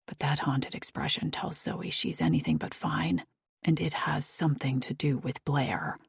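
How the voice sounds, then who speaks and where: Casting: woman audiobook narrator, low husky voice, soft hushed delivery, dry booth sound. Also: sing-song, moderate pace, no echo.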